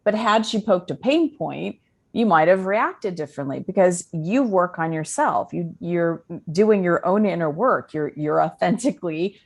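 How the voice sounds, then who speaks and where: A woman's voice: lowish voice, expressive, moderate pace. A woman speaking as a life coach guest on a podcast, earnest and conversational, with many fillers. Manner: earnest, talks in spiritual self-help terms with many fillers.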